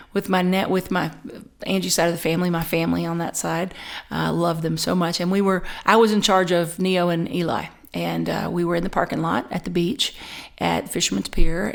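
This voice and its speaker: A middle-aged woman minister preaching a sermon, telling a personal story with lively, animated delivery and frequent repeats and restarts. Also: lowish voice, vocal fry. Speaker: spiritual community minister.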